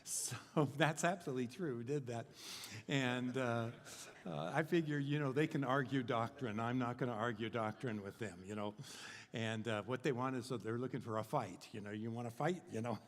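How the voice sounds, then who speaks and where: A man's voice: medium pitch, normal speed. An older man preaching a humorous sermon, rambling and joking with many fillers and restarts. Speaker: guest preacher. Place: church sanctuary. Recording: long hall reverb in a church.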